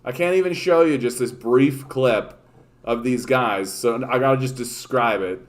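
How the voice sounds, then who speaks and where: Male livestream host from Canada, mid-pitched, rambling sarcastic rant full of swearing and false starts. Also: measured pace. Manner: profane, rambling, sarcastic, many restarts. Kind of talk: casual ranting livestream chat.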